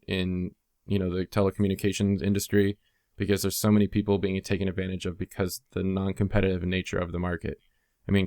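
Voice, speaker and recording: Low-voiced man ranting on a podcast. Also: darkish tone, no echo, clean studio sound. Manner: ranting, indignant about fees. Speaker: podcast co-host. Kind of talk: casual podcast chat.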